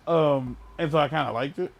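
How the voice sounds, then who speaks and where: A man co-hosting a gaming podcast, casually and profanely retelling a film, with bursts of loud emphasis. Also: a little high, gravelly.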